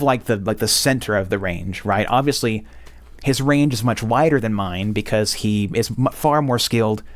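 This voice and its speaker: A man's voice: mid-range voice, no echo. A young man hosting a casual game review, blunt and profane, with many fillers. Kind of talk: casual opinionated monologue.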